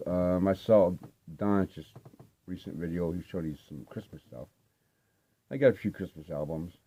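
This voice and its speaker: A warm, low-pitched older male voice comes through a muffled recording. The speaker, a vinyl collecting vlogger, loosely rambles while casually showing off his record finds, using lots of fillers.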